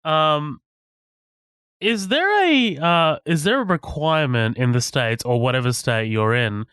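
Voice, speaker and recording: A man's voice: a little high, expressive, measured pace, a bit bright, clear, resonant tone, no room sound, studio quality. A man co-hosting a podcast, laid-back and curious, swearing casually as he chats about a film. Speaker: podcast co-host. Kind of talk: casual movie review chat.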